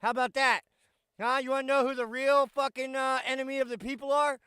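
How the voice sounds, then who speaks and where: Man, live streamer, foul-mouthed casual chat, high-pitched, bright crisp voice, dry close sound. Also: level tone, brisk, no echo. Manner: brash, swearing, talks to chat; irritated, muttering while fixing stream.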